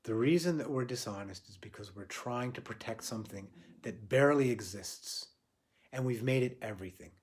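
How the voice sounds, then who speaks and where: Man, spiritual teacher on a livestream, reflective, repeats himself, mid-pitched voice. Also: normal speed. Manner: reflective, repeats phrases for emphasis, drops to quiet soft lines.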